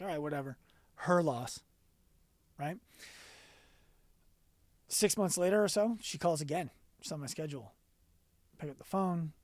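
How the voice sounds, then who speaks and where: A man being interviewed on a podcast as a business coach, telling stories earnestly and going quiet for the emotional parts. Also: fairly high pitch, no echo.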